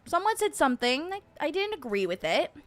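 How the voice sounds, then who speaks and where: A woman's voice: sits high, sing-song, brisk, fairly bright tone, no echo. Lady streaming from home, sarcastic and chatty, dry close sound. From New Jersey. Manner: sarcastic, chatty, laughs often. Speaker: livestream host. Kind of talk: casual livestream chat.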